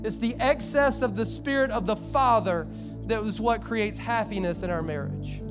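A man preaching a sermon with passion, sometimes acting out the voices he quotes. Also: extremely high pitch. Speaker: pastor. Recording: music playing behind the voice.

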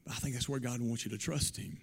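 A man's voice: mid-range voice, steady tone, fast, breathy edge. A man preaching a sermon as a pastor. He delivers it with emphatic, rising exclamations and frequent repetition.

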